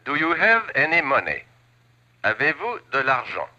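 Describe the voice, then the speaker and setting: A man voicing a language record instructor, saying phrases slowly and deliberately. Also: mid-range voice, huge pitch swings, bright, forceful tone, heavily acted. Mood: instructive. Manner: slow, deliberate enunciation. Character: precise male French lesson record voice. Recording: dull old TV audio.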